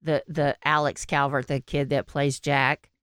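A woman's voice: low-pitched, little pitch movement, measured pace, fairly bright tone, smooth, no echo. A woman hosting a podcast in casual chat, rambling with restarts and frequent laughter. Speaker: podcast host.

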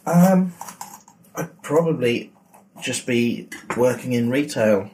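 A man's voice: mid-range voice, expressive, takes it slowly. A man, a comedian guest, chatting in a dry, self-deprecating, rambling way in his home kitchen. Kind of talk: casual interview chat. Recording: roomy kitchen, distant mic, faint noise.

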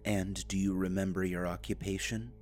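A man voicing a cold, clinical disembodied machine voice that speaks flatly and precisely. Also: low voice, normal speed, soft background music, natural voice. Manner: flat, precise, oddly without qualities.

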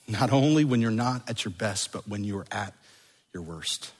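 A middle-aged man preaching a sermon to a church congregation, moving between urgent emphasis and hushed, slow repetition. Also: on the low side, expressive, breathy edge. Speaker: pastor. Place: church sanctuary. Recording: long hall reverb.

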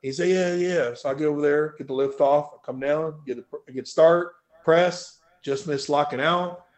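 A man, a powerlifter guest, telling a story in a casual podcast chat. He swears freely and his voice jumps loud and high when he quotes himself. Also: steady tone, normal speed.

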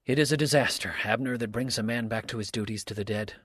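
A man's voice: mid-range voice, fast, fairly bright tone, breathy edge, dry recording, studio quality. A man reading aloud, voicing an anguished, disgraced sheriff who speaks in emotional outbursts. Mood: distressed.

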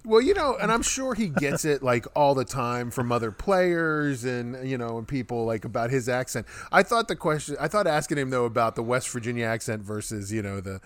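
A man's voice: medium pitch, animated, fairly quick, hardly any pauses. A man hosting a sports talk radio show, friendly and chatty, interviewing a player and bantering with co-hosts. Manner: friendly, chatty, laughs often.

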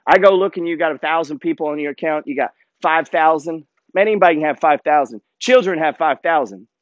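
A middle-aged man giving a blunt, profane motivational rant about money and work, swinging between loud jabs and low asides. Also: brisk, dry recording, lo-fi sound. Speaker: finance content creator.

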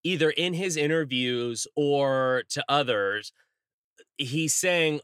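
Male co-host, slightly high voice, wry and skeptical, dry close mic. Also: slow, a bit bright, clean tone, no room sound. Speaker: podcast co-host. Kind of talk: casual chat.

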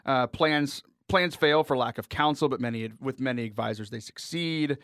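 A man's voice: mid-range voice, moderate pace, fairly bright tone, no room sound, clean studio sound. A man hosting a radio talk show, chatting casually and earnestly with frequent laughs. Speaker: radio host. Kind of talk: casual chat.

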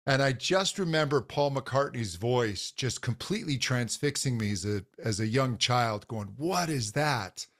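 A man, a voice teacher, talking in a relaxed interview, earnest and enthusiastic, with frequent fillers and restarts. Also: mid-range voice, normal speed, hardly any pauses. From grew up in a Scottish household. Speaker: voice teacher, podcast guest. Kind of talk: casual interview talk.

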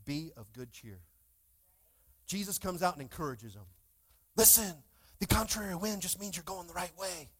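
A young man preaching a lively sermon as pastor, calling out to his congregation in church. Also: high-pitched, a little fast, husky. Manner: animated, calls out to congregation.

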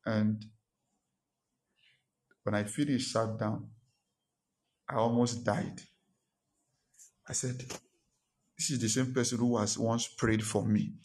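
A man preaching from the pulpit with an emphatic, repeating delivery. His voice sits at an ordinary middle pitch as he tells a personal story and presses his lesson on the congregation. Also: darkish tone. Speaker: pastor. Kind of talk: sermon.

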